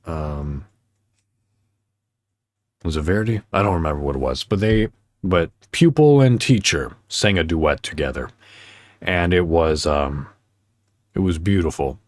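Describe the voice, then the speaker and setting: Male podcast host, deep and slow, casual heartfelt chat with lots of ums, dry recording. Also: expressive, dry recording. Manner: halting, many fillers, heartfelt storytelling. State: choked up.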